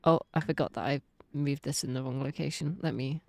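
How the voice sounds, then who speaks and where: A woman's voice: very deep voice, a little fast, a little mellow, dry recording. A British woman streaming a game, chatting casually in rambling, self-mocking tangents. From United Kingdom. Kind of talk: casual chat while playing a game.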